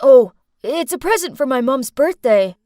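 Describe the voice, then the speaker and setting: A woman's voice: sits high, lively intonation, normal speed, dark tone, no echo, clean studio sound. A woman voicing a dorky, nervous teenage boy who stammers eagerly in a storytime video.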